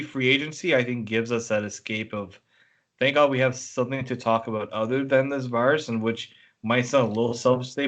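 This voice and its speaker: A man talking sports on a podcast, rambling and filling pauses with "like". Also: mid-range voice, a bit bright. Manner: rambling, heavy use of "like". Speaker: podcast co-host and sports reporter. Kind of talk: casual chat.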